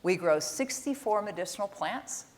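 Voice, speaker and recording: A middle-aged woman giving a keynote talk on stage, telling stories in an animated, exasperated way, often rising in pitch and volume when making a point. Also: normal speed. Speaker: keynote speaker. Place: conference stage.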